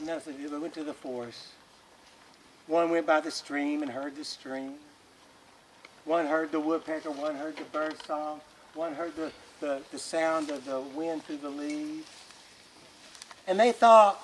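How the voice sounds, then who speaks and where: Male folk storyteller, high-pitched, animated, colloquial. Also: slight background noise. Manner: animated, folksy, with colloquial asides.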